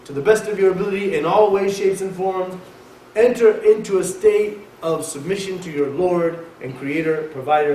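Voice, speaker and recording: A man giving a conversational sermon at a mosque, lecturing in an emphatic, animated way. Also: high voice. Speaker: mosque speaker. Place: mosque hall. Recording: echoey hall, mic far off, faint hiss.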